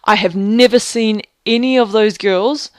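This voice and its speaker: A woman's voice: medium pitch, unhurried, dry recording, clean studio sound. Rambling, swearing young woman. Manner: rambling, profane storytelling full of fillers. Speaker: vlogger. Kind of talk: casual video diary.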